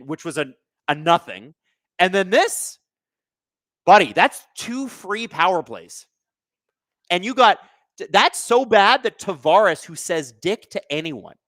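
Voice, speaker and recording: A man hosting a live hockey watch-along stream, commenting casually on the play and reading chat, excitable and sarcastic, swearing at the refs. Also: high voice, dry recording, clean studio sound.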